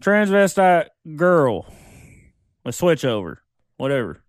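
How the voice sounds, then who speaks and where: A man's voice: fairly high pitch, sing-song, takes it slowly, no echo. A man guesting on a podcast, talking bluntly and profanely with strong opinions in casual chat into a close mic.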